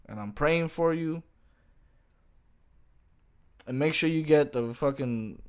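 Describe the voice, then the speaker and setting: A man and streamer ranting jokingly to camera in a casual, profane, slang-heavy way. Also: mid-range voice. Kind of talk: casual comedic rant to camera.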